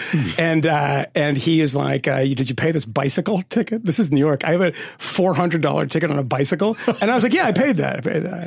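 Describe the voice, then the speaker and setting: Male podcast co-host, gravelly, animated storyteller, pitched a bit high. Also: no echo, studio quality. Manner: animated storytelling with laughs and profanity. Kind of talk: casual chat.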